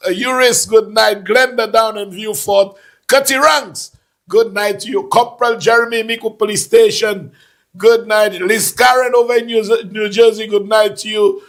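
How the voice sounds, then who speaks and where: A man hosting a casual talk show, animated and laughing, repeating phrases for emphasis. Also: very high voice. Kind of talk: casual call-in political chat.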